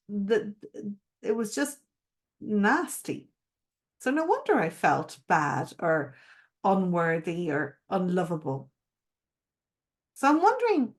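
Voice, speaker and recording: Expressive woman coaching viewers directly. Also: mid-range voice. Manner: expressive, emphatic, addresses viewers directly with questions. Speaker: mindset coach. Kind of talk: live-streamed masterclass talk.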